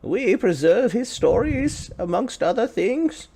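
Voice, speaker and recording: A man voicing a high-pitched old male monk master who speaks in slow, measured pronouncements. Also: sing-song, gravelly, dark tone, a little hiss or hum, heavily acted. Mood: solemn.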